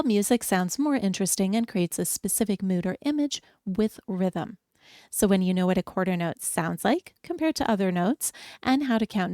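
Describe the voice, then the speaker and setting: Woman teaching beginner piano, friendly and encouraging, walks you through step by step, mid pitched, dry close sound. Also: a little mellow, no echo. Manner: encouraging, clear step-by-step instruction. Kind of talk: friendly beginner music lesson.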